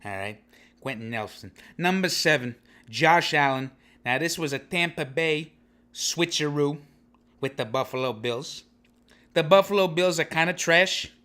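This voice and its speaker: A man hosts a comedic sports podcast, rambling in brash wise-guy banter and adding "okay?" after his picks. His voice is fairly high and animated, with a sharp tone and a measured pace.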